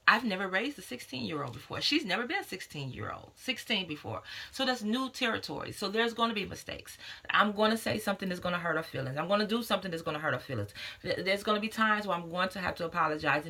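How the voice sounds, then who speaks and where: A woman's voice: fairly low pitch, bright, forceful tone. A woman in her thirties, a doula and mother, talking earnestly and casually to camera with many fillers. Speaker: doula and vlogger.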